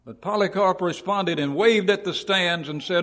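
A man's voice: sits high, moderate pace, big-room sound. Man preaching a dramatic sermon. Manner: dramatic storytelling, rising to shouted quotes.

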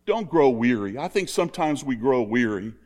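A man's voice: mid-range voice, very animated, moderate pace, a little mellow. An older man preaching an earnest, conversational sermon that keeps returning to the same plain exhortations.

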